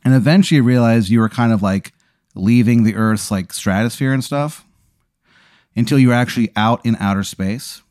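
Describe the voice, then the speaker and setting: A man's voice: medium pitch, moderate pace, no room sound, clean studio sound. A man hosting a podcast, rambling through an improvised comedy bit and slipping into goofy voices. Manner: animated rambling storyteller with goofy put-on voices. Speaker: podcast host.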